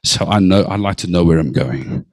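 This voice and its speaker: A pastor preaching a sermon, slowing down to stress lines and then speeding up in bursts. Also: male voice, low voice, a little mellow, no echo, low-quality recording. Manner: preaching with slow drawn-out emphasis and sudden bursts of speed.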